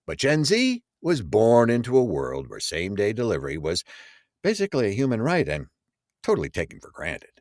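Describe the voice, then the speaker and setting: Lively, playful male podcast co-host. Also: on the low side, dry recording, studio quality. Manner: playful, slips into quick put-on voices. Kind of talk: casual scripted podcast banter.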